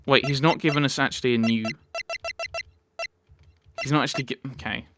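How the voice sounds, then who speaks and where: A man musing through a video game playthrough, hesitant and self-correcting, in an average speaking voice. Game music sits clearly behind his commentary. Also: mid-range voice, fairly even intonation, brisk. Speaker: let's play commentator. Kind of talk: casual gameplay commentary.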